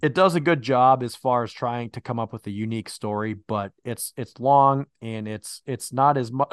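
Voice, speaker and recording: A laid-back man in casual podcast chat, mid-pitched, with loose fillers and casual swearing. He keeps getting hit by hiccups and burps. The sound is dry and close. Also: moderate pace, smooth, no echo. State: hiccuping and burping. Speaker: podcast co-host. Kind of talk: casual movie review chat.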